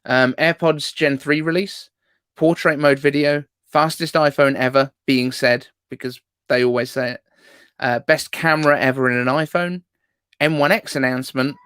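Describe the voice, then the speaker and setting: A man's voice: fairly high pitch, fairly even intonation, moderate pace, fairly bright tone, smooth, no room sound. A man guesting on a tech livestream, joking with dry humor. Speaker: guest YouTuber. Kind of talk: casual tech chat.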